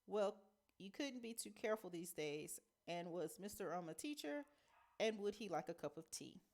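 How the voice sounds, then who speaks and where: A woman's voice: medium pitch, expressive, normal speed, a little mellow, lightly acted. A woman reading a novel aloud, voicing a protective mother who speaks in a clipped, cold way.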